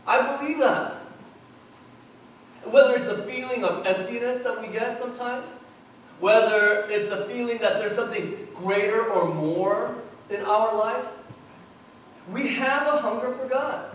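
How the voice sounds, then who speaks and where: High-voiced pastor preaching in an echoey church. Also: male voice, measured pace, slight background noise. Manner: animated, conversational preaching, asks the congregation questions. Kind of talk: sermon. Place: church sanctuary. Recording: roomy echo from a distant mic.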